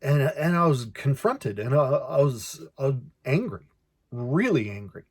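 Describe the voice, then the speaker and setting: A man's voice: mid-range voice, expressive, unhurried, husky, dry recording. An Australian man hosting a podcast, telling a personal story in an earnest way and often repeating words as he talks. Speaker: podcast host.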